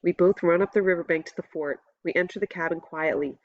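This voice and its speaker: A woman reading a novel aloud as a first-person audiobook narrator, in a steady, measured storytelling voice. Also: lowish voice, dry recording, highs cut off.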